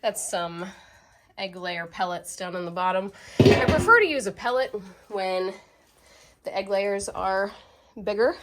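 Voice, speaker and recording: A homesteading vlogger chats casually by a chicken coop on a farm, slightly out of breath, recorded outdoors on a handheld camera. She's chatty, bubbly and quick to laugh, with an animated mid-range voice, a measured pace, frequent pauses and background noise.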